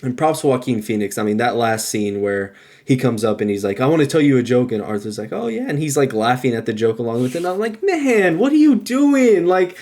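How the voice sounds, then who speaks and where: A man co-hosting a podcast, giving a heated, profane movie review that swings from loud outbursts to low muttering. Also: quick pace. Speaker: podcast co-host. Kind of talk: casual ranting movie review.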